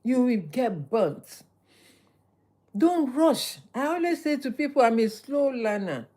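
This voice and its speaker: A middle-aged woman, hosting a motivational livestream, talking in a lively, preachy way and repeating phrases for emphasis. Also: on the high side, slow pace. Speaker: livestream host.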